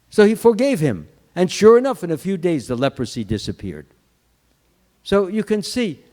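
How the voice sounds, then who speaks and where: Guy preaching at a temple, kinda high voice, echoey hall, restarts words a lot. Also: darkish tone. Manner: acts out quotes, restarts words, lists qualities slowly. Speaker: Hare Krishna swami giving a Sunday lecture. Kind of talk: sermon storytelling. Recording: long hall reverb.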